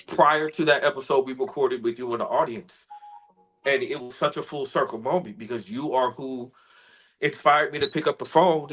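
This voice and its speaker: A male spoken word poet tells a deeply personal story over a video call. He speaks in an earnest, emotional and measured way, at a middle pitch, and his story builds in vulnerable detail. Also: fairly bright tone, low-quality recording.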